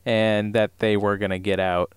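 A man's voice: lowish voice, little pitch movement, moderate pace, clean tone, no echo, clean studio sound. A man co-hosting a podcast in casual chat, who often answers with short agreements. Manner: reactive, lots of short agreements. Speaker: podcast co-host.

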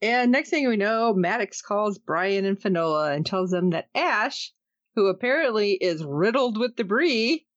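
A woman's voice: medium pitch, no echo. A woman hosting a podcast in a casual, joking chat, laughing often as she recaps a TV episode. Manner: animated, joking, quick to laugh. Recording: slightly dull, dry sound.

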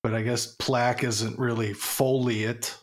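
A man's voice: medium pitch, level tone, a little slow. A man co-hosting a podcast in casual chat, goofy and riffing on silly jokes. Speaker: podcast co-host.

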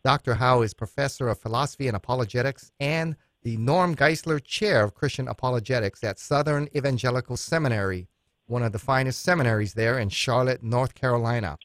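A man's voice: medium pitch, a little fast, fairly bright tone, no room sound. Male radio host, earnest and conversational, dry close mic, mid-range voice. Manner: earnest, tells anecdotes with laughter. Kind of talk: radio interview.

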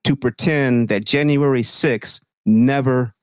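A man's voice: medium pitch, slow, smooth, no room sound. A man co-hosting a podcast, talking politics in casual, profane, sarcastic chat. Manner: profane, sarcastic, mocking quoted voices. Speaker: podcast co-host.

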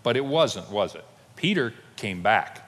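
A man's voice: on the low side, sing-song, measured pace, fairly bright tone, big-room sound. A male pastor preaching a sermon, telling stories and acting out the voices of the people he quotes. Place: church sanctuary.

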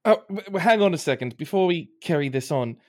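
A man's voice: fairly high pitch, lively intonation, fast talker. A man playing a tabletop game, blunt and wry in his remarks. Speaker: player. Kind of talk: casual tabletop game chat.

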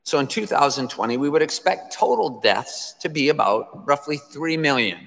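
A man's voice: on the high side, animated, moderate pace, gravelly, fairly bright tone, long reverb tail. A man preaching an emphatic sermon to his congregation, repeating phrases for effect.

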